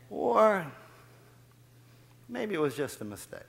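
A man preaching in a church sanctuary, his fairly high voice carrying into a long reverb. He is animated, rising in volume as he gets going and laughing at himself. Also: a little slow, pauses often, a little hiss or hum. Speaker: guest preacher. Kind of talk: sermon.

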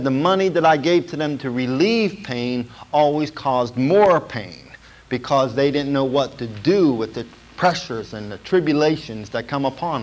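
A man's voice: on the high side, rough recording. A man preaching a sermon as pastor, emphatic and repetitive, often checking in with the congregation.

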